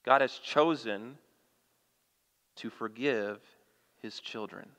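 Pastor preaching in a reverberant hall. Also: male voice, medium pitch, slow pace, a bit bright. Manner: reads scripture aloud with rising emphasis; asks the congregation questions. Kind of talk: sermon. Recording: long reverb of a church hall.

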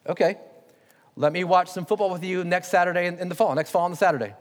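A man's voice: sits high, quick pace. A man preaching a sermon, conversational and emphatic, putting direct questions to his congregation. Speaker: pastor. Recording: long hall reverb.

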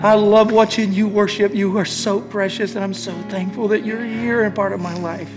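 A man preaching a sermon in a church, exhorting his congregation with call-and-response and building to shouted declarations. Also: sits high, level tone, normal speed, over music. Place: church sanctuary.

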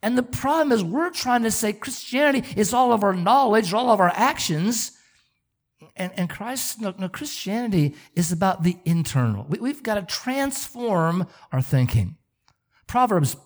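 Animated stammering male preacher. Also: high-pitched, normal speed. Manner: animated, stammering repetitions, rhetorical questions. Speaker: pastor. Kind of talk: sermon.

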